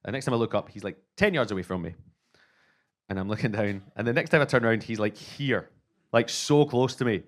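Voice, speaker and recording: A Scottish man in his thirties doing stand-up, telling an animated, self-mocking story and acting out both sides of the conversations. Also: fairly low pitch, a little fast. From Scotland. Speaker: stand-up comedian.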